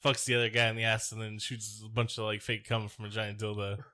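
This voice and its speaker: American male podcast co-host, bright tone, profane joking riffs. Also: lowish voice, flat delivery, quick pace. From United States. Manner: profane, joking, riffing on bits. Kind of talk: casual podcast chat.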